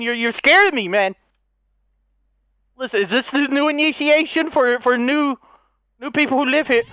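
A man narrating a horror game as he plays, jumpy and excitable, stammering and yelping when startled. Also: very high voice, smooth, no echo. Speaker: gaming YouTuber. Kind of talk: horror game let's play commentary.

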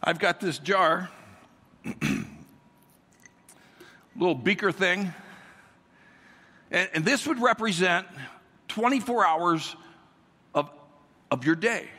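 A man's voice: sits high, slow pace, pauses often, sharp tone, long reverb tail. A man giving a sermon as a guest pastor in a large church, speaking energetically, repeating words and calling on the congregation to answer back.

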